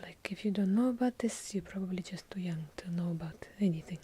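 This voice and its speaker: A woman with a heavy Russian accent doing whispered ASMR, with dry, deadpan joking asides. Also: lowish voice, fairly quick, a little hiss or hum. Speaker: ASMR creator. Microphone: handheld recorder up close.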